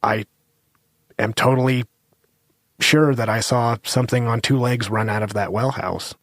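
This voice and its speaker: A man telling his own true story for a podcast, earnest and halting, with small restarts. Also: mid-range voice, steady tone, fairly bright tone, no room sound. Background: music underneath.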